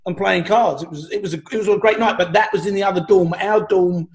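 A man on a panel telling rambling, animated stories, restarting words and swearing freely. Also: high voice, fast. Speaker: actor on a panel. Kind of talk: rambling anecdotal storytelling.

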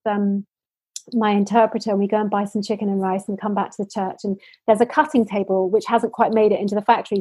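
A woman's voice: medium pitch, mellow, breathy edge, no room sound, poor audio. A woman from the UK, telling heartfelt stories earnestly as an interview guest. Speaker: social entrepreneur guest. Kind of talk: interview storytelling.

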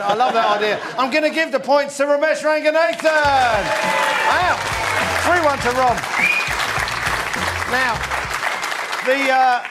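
A man's voice: very high voice, heavy background noise. A man hosting a comedy football podcast, wry and punning, handing out points to his guests. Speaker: podcast host.

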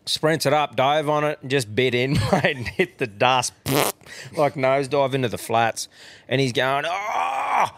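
A young Australian man spins a loose, profane yarn for his mates, laughing often along the way. His voice sits at an ordinary middle pitch and comes through dry and close, with no room echo. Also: unhurried, fairly bright tone, smooth. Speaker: podcast co-host. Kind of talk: casual chat.

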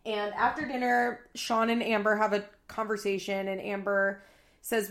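A woman's voice: mid-range voice, level tone, normal speed, roomy sound. A woman hosting a casual podcast, recapping a reality show in a chatty, sarcastic way and swearing freely. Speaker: podcast host.

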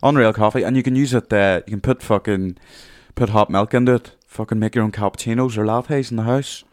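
A man with a low voice swaps stories on a podcast, swearing in nearly every sentence. His voice sounds dry and close to the mic. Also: a little fast, no room sound. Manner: sweary, storytelling, animated. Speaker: podcast guest. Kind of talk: casual chat.

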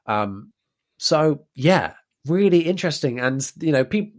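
A man's voice: fairly high pitch, very animated, a little slow. A man hosting a podcast in casual chat, chatty and self-deprecating, explaining things at length. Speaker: podcast host.

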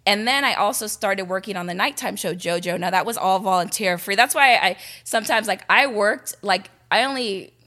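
A young woman from Los Angeles telling stories about her radio career in a casual, animated way, full of "like" and quoted dialogue. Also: mid-range voice, normal speed, few pauses. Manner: animated, chatty, heavy use of "like". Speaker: radio personality, guest. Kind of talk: casual storytelling.

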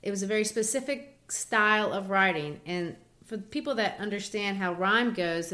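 A woman's voice: mid-range voice, moderate pace, bright, forceful tone. A woman with a mid-range voice talks through a poem like a patient teacher. Her delivery is chatty and explanatory, with small restarts as she finds the right words. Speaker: co-host explaining poetry. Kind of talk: casual educational chat.

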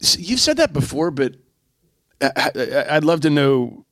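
A man's voice: on the high side, big pitch swings, measured pace, fairly bright tone, dry recording, clean studio sound. A man co-hosting a podcast, talking candidly with his wife in a reflective, self-deprecating way. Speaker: podcast co-host.

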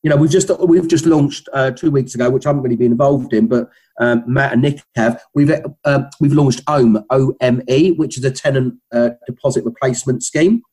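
A middle-aged man with a Cockney accent talks in a loose, rambling way, full of fillers and restarts. His voice is husky and slightly breathy. He speaks as a guest in a casual business interview. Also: mid-range voice, fairly quick, a little mellow, poor audio.

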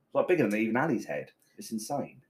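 Low-voiced man, teasing and jokey. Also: big pitch swings, fast, darkish tone. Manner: jokey, teasing, laughs often. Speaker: podcast host. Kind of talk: casual football chat. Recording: roomy echo.

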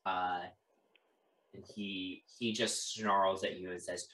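A woman game master running a tabletop game and ruling on the players' actions. Her voice is extremely low for a woman. She hesitates often with ums and uhs as she decides. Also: little pitch movement, slow pace, fairly bright tone, a little hiss or hum, low-quality recording.

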